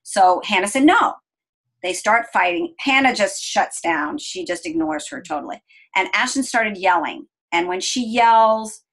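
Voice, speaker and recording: A woman's voice: medium pitch, low-quality recording. Earnest middle-aged woman telling a story. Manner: earnest, gentle, slows down to stress calm moments. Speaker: interview guest. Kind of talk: personal storytelling.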